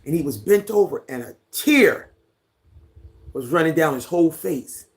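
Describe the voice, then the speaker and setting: A livestream host who has lived on a Caribbean island for ten years, chatting casually with viewers at home and reading out their comments in an unhurried way. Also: mid-range voice. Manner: relaxed, unhurried, greets and reads out viewer comments. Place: at home, indoors, near a fan.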